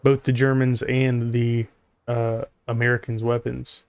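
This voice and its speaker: A man chats casually over a video game at a middle pitch. He rambles and stumbles through his story and drops in dry, sarcastic jokes. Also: flat delivery, unhurried, a little mellow, clean tone. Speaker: gaming YouTuber. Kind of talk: casual commentary over gameplay.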